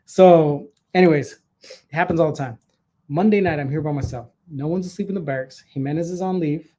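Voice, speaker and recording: Guy cohosting a geek podcast, voice a bit high, swears a lot telling a spooky story. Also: fairly quick. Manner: profane, animated storyteller. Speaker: podcast co-host. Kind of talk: casual chat, storytelling.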